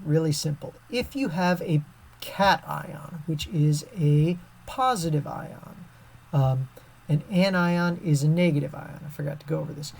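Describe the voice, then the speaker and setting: A woman's voice: fairly low pitch, darkish tone. A woman teaching a science lesson over a screen recording, chatty and casual with many fillers.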